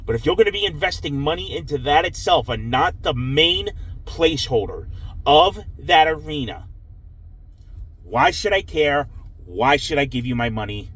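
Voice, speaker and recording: A man's voice: medium pitch, fairly bright tone, poor audio. A man ranting after a hockey loss, swearing and sounding frustrated and dejected. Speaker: hockey fan vlogger. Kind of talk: angry post-game rant.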